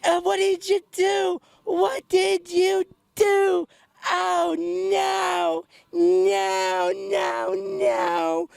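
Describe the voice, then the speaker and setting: A squeaky, gravelly beaver mascot. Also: male voice, steady tone, unhurried, no echo, full character voice. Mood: gloating. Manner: mocking, gleeful taunts with fake sobbing. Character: gloating stuffed beaver mascot, male, rowdy and boastful. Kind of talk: comedic character rant.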